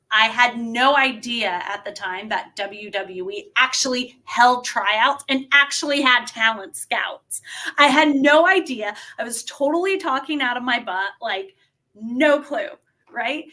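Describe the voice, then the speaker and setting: A woman wrestler telling a story casually as a podcast guest, animated and laughing, with lots of filler words. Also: a little high, slow pace.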